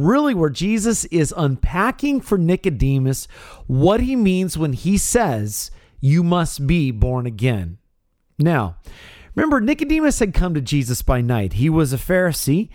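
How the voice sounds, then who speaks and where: Delivering a sermon over the radio, this pastor uses a slightly high, darkish voice with wide pitch swings. He presses every point emphatically, building to stressed peaks, and the audio is dry and close with no sense of a room.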